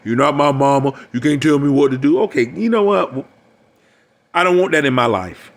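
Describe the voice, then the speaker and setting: A man's voice: medium pitch, lively intonation, moderate pace. An older man gives a preachy, emphatic monologue as a relationship coach. He keeps repeating his phrases for emphasis. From United States.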